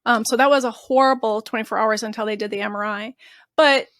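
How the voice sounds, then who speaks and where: A woman's voice: fairly high pitch, steady tone, fast talker, fairly bright tone, dry recording. A woman guest telling an emotional story in an interview, earnest and candid. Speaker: guest, mother of a patient.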